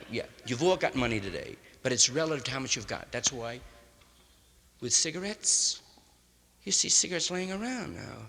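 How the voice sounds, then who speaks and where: A man's voice: on the high side, sharp tone. A male stand-up comedian rambling through a loose, improvised monologue full of hip jazz slang, recorded live on a concert hall stage. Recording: live 1961 concert hall recording with reverb and faint hiss.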